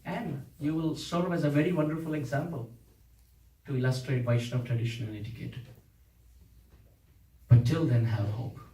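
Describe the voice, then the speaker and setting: A man's voice: medium pitch, mellow. A man giving a devotional lecture, telling a saints' story with dramatic, emotional dialogue. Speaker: spiritual teacher. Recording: echoey room, voice from a distance.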